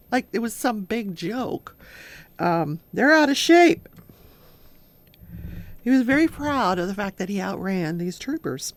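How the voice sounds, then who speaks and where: A woman's voice: mid-range voice, expressive, unhurried, pauses often, no echo. An older woman hosting a casual talk show, recapping a trial and acting out quotes as she goes. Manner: chatty storyteller who acts out quotes. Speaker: crafting talk show host.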